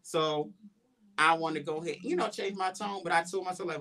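A podcast host chats casually, telling stories with animation and acting out his own past lines in a raised voice. He speaks briskly, with a fairly high pitch.

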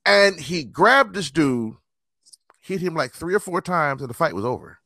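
Man, casual storyteller, lively pitch, bright tone, dry sound. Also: moderate pace, dry recording. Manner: animated storyteller, acts out quoted voices.

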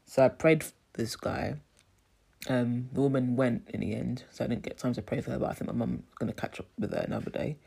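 A woman's voice: rumbling low, steady tone, a little fast, vocal fry, mellow, slightly rough. A woman telling a rambling story in a casual vlog and laughing often. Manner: chatty, rambling, laughs often, says "you know what I mean". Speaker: vlogger.

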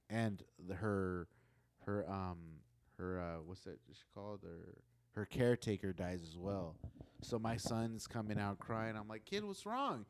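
A man hosting a podcast, chatting casually and telling animated stories with plenty of swearing. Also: on the low side, no echo, studio quality. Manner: swears freely, animated storyteller. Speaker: podcast host. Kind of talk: casual chat.

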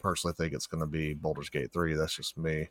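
A man's voice: a bass voice, flat delivery, fast talker, a bit bright, no room sound, studio quality. A man co-hosting a casual gaming chat, laughing often between opinions. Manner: laughs a lot.

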